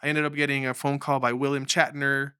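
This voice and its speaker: A man's voice: medium pitch, a little fast, smooth, no room sound, studio quality. A young man from Mexico, a filmmaker guest on an interview podcast, telling his life story with energy and acting out the voices of the people in it. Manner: animated storyteller, acts out quoted dialogue.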